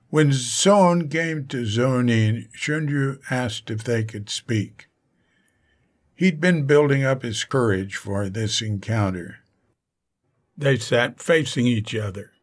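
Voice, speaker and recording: A man narrating an audiobook in a measured, even reading style. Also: mid-range voice. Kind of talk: scripted narration.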